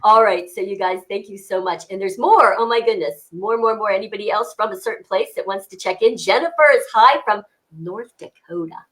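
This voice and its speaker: A woman's voice: mid-range voice, a little fast, few pauses, fairly bright tone. A woman co-hosting a casual fitness livestream, upbeat and greeting viewers by name.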